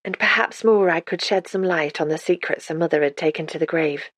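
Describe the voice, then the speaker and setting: Woman narrator, low voice, calm measured audiobook read, dry studio sound. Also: no room sound. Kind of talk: scripted narration.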